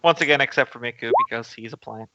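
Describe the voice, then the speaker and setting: A man's voice: mid-range voice, fast talker, dull audio, very noisy. A man acting as game master, calling for rolls and describing terrain plainly. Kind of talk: running a tabletop game over a call.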